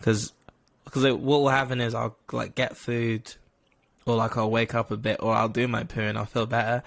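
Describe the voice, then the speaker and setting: A man's voice: medium pitch, flat delivery, normal speed, creaky, no room sound. A young man co-hosting a podcast, chatting casually in a rambling, self-deprecating way and laughing often. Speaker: podcast co-host. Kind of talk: casual chat.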